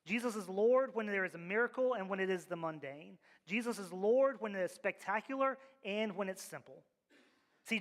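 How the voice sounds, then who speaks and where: A male pastor preaching a sermon, with emphatic, rhythmic repeated refrains, in a church sanctuary. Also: high voice. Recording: long reverb of a large hall.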